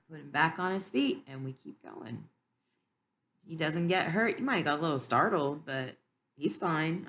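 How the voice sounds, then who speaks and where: A woman giving an earnest, heartfelt Bible teaching about her own life, with frequent pauses. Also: sits low, fairly bright tone. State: tearful. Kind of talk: personal devotional teaching.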